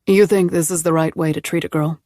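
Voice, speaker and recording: A woman narrator voicing a protective grown man who speaks in a low, firm and gentle way. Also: steady tone, fairly quick, no echo, studio quality, lightly acted.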